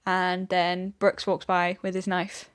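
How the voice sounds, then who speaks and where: A woman's voice: fairly low pitch, completely flat delivery, slow, smooth. A woman co-hosting a podcast in casual chat, wry and amused. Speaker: podcast co-host.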